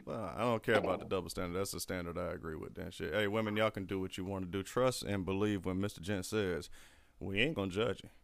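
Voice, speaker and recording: A man co-hosting a podcast, talking in loud, profane, laughing banter. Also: deep voice, steady tone, quick pace, vocal fry, hardly any pauses, no room sound. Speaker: podcast co-host. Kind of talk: casual chat.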